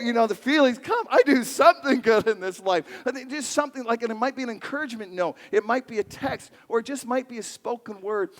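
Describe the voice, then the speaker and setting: A man preaching a sermon to his congregation in a playful, animated way, joking with the crowd and asking for shows of hands. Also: extremely high pitch, big-room sound. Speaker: pastor. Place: large church sanctuary.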